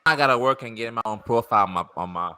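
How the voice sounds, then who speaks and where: A man casually telling an animated story about a delivery, laughing and swearing as he goes. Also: medium pitch, quick pace, clean tone, no room sound. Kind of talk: casual chat.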